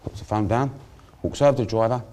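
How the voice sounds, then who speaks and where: A man's voice: on the low side, fast talker, dark tone. A middle-aged man in casual planning talk, laying out a scheme and acting out scenes in quoted voices. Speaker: gang member planning a staged heist.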